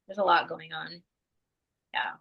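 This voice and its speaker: A young woman co-hosting a podcast, chatting in a relaxed way with lots of fillers and some laughs. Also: sits low, measured pace, gravelly, husky, lo-fi sound. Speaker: podcast co-host, mother of two. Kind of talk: casual chat.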